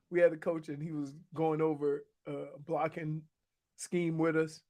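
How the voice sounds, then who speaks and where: High-voiced animated male sports radio co-host. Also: unhurried. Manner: animated storyteller, laughs a lot. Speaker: radio co-host, former pro football player. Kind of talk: casual sports talk radio chat.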